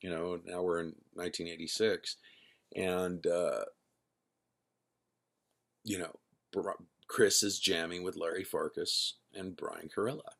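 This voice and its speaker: A man's voice: deep voice, flat delivery, a little slow, vocal fry, pauses often, a bit bright. A middle-aged man, a band's singer and founder, telling his story casually in a rambling way, correcting himself as he goes. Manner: rambling, self-correcting, acts out quoted dialogue.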